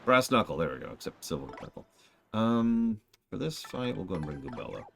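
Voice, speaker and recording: A man's voice: lowish voice, sing-song, a little fast, vocal fry, background noise. A man streaming a video game, giving casual, rambling commentary with self-deprecating asides. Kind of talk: casual let's-play commentary. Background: game music.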